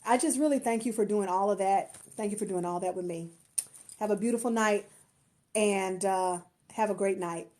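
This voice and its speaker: A woman's voice: medium pitch, normal speed, a little mellow. A woman marketer and empowerment coach chatting to viewers on a phone live stream, effusive and grateful. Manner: effusive, grateful, lots of restarts and laughter. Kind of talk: casual live-stream chat.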